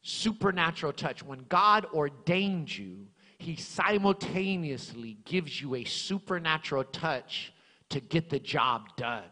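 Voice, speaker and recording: A male pastor preaching a sermon with fervent, emphatic repetition that rises to shouts. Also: fairly high pitch, in a large hall.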